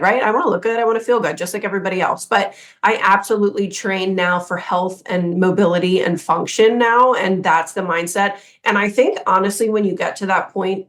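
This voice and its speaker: A woman's voice: lowish voice, fairly bright tone. A woman in her thirties co-hosting a podcast, telling her story in a candid, self-mocking way with quoted asides. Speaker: podcast co-host. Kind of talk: casual podcast chat.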